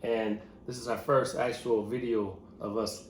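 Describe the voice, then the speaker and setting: A man's voice: lowish voice, little pitch movement, measured pace. A man co-hosting a casual podcast at home, laid-back, laughing often and hyping the intro. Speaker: podcast co-host. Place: home room. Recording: echoey room with faint hiss.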